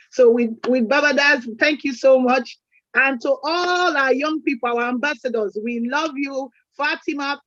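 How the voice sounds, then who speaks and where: A woman's voice: high-pitched, dry recording. A woman co-hosting a community event, chatty and full of proverbs, restarting her sentences often. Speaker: event co-host. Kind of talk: closing remarks at a community event. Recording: dull lo-fi sound.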